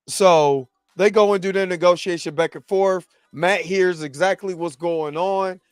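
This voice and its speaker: High-voiced animated man recapping a show. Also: normal speed, clean tone, no echo, studio quality. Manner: animated, acts out characters' lines in his own voice. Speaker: show host. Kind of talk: casual TV recap commentary.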